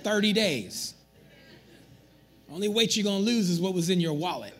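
A man preaching a sermon as pastor, animated and joking with the congregation in a church. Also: sits high, moderate pace, faint music behind.

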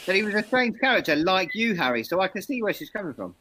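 A man with a bright, forward tone co-hosting a relaxed chat. He banters playfully and then settles into patient explanations of dog behaviour. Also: sits high, quick pace, slight background noise, poor audio. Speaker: dog trainer co-host. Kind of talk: casual live-stream chat.

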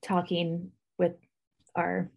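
A woman's voice: fairly low pitch, completely flat delivery, very slow, vocal fry, husky. A pregnant woman co-hosting a parenting podcast in a chatty manner, a bit winded, with many fillers. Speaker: podcast co-host. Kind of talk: casual chat on parenting.

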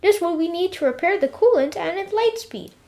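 A woman voicing a calm, matter-of-fact female robot computer who explains and lightly scolds. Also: extremely high pitch, a little fast, pitched above the performer's own voice. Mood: informative.

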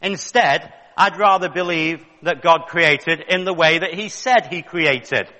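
A man's voice: a little high, a little slow, sharp tone. Fervent male preacher in a hall. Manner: fervent, rising to emphatic questions. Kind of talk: sermon.

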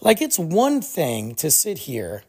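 Animated, gravelly-voiced podcast host ranting. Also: mid-range voice, slow. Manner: acts out quoted people mid-story. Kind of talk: solo podcast monologue.

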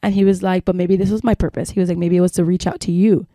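A woman's voice: on the low side, fairly even intonation, fast, mellow, no echo, studio quality. A woman co-hosting a podcast, telling a long personal story in a rambling casual way, full of fillers and swearing. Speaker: podcast co-host. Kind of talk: casual chat.

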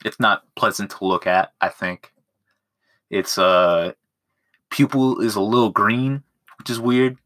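A man's voice: lowish voice, fairly even intonation, unhurried, long pauses, sharp tone. A young man hosting a podcast alone at home, rambling crudely with lots of swearing and self-mocking jokes, recorded on a phone. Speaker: podcast host. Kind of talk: casual solo podcast monologue. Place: at home in his room.

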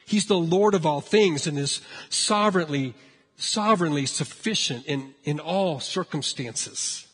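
A man preaching a sermon, telling a story with lively acted-out voices. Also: on the high side, unhurried, husky, in a large hall. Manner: animated storytelling, acting out frightened voices. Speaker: pastor.

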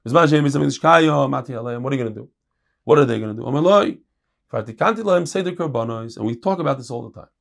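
Man, casual Talmud teacher, gravelly voice. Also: medium pitch, lively intonation. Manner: reads quick Aramaic passages, then explains them in casual English. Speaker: Torah teacher. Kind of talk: Talmud class.

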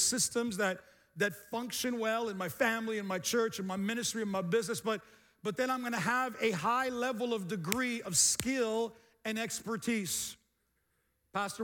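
High-voiced energetic male pastor preaching. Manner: energetic, repetitive call-and-response preaching. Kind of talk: sermon.

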